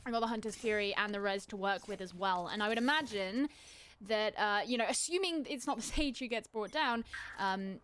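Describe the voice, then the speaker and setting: A woman doing chatty color commentary on an esports match, quick to laugh. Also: medium pitch, a bit bright, a little hiss or hum. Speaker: esports caster. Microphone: headset.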